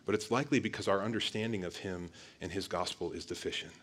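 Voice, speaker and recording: Male pastor, low voice, emphatic sermon delivery, speaks directly to the listeners. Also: fast. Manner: energetic, emphatic preaching with direct address to the congregation.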